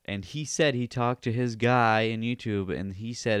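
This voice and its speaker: Swearing, ranting young podcast host. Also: male voice, medium pitch, fairly even intonation, normal speed, clean tone, no echo, studio quality. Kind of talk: casual solo podcast rant.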